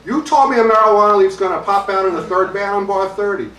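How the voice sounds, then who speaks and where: A man's voice: mid-range voice, lively intonation, normal speed, a little hiss or hum, lightly acted. A man voicing a spaced-out hippie bandleader who makes absurd demands with insistent matter-of-factness, while reading aloud at a bookstore. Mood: indignant. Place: bookstore reading, audience present. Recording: roomy, distant mic, faint ambience.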